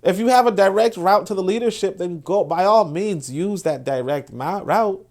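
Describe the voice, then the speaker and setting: A man hosting his own show, giving loose commentary as he reads from a shared screen. He swings between low muttering and loud, emphatic bursts, with frequent restarts and repeated words. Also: moderate pace. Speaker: host. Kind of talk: livestream commentary while reading from a shared screen.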